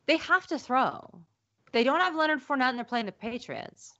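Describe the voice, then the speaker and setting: A woman's voice: high voice, expressive, a bit bright. A woman co-hosting a live fantasy football stream, chatting casually, laughing easily and rattling through player picks. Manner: chatty, laughs easily, reads ad copy quickly. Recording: slightly dull lo-fi live-stream audio.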